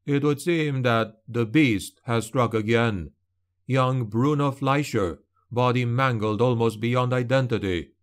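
A man voicing a cunning male steward who speaks in a quiet, measured, cautioning tone. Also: mid-range voice, natural voice. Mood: solemn. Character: cunning middle-aged male steward, calm and warning.

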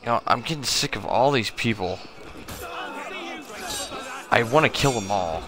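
A drunk man streaming a game, talking slowly and irritably, swearing all the time as he comments on play. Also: fairly low pitch, expressive, music in the background. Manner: slow, slurred, irritable, swearing constantly. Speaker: gaming streamer. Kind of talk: profane drunk gameplay commentary.

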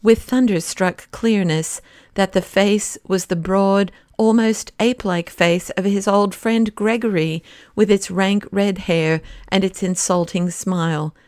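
A woman narrating a classic novel audiobook with steady, dramatic storytelling. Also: medium pitch, unhurried, no room sound, studio quality.

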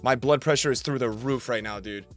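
A man's voice: mid-range voice, fairly quick, faint music behind. Frustrated young man streaming a game. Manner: swings from flat grumbling to loud outbursts, swears a lot. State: sore throat. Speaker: gaming streamer. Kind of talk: live gameplay commentary.

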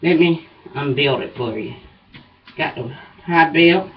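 Breathless, a woman talks to her viewers as a vlogger in a casual, folksy way, chatty and prone to drawling asides. She has a low voice and speaks slowly, and the home recording sounds dull and distant.

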